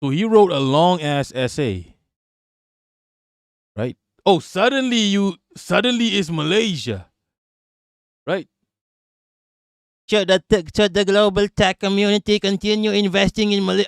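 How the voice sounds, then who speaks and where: A man's voice: fairly high pitch, dry recording, clean studio sound. Man ranting profanely on a live stream. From Southeast Asia. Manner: profane, mocking, animated ranting with laughs. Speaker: live-stream political commentator. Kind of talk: heated live-stream rant.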